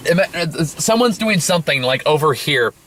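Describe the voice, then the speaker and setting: A man rants his way through a film review with a bright, forceful voice. His delivery is sarcastic and full of swearing, looping back on itself with fillers. He sounds worn out. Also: fairly high pitch, animated, normal speed, a little hiss or hum. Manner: sarcastic, profane, rambling with fillers. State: tired. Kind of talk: casual film review rant.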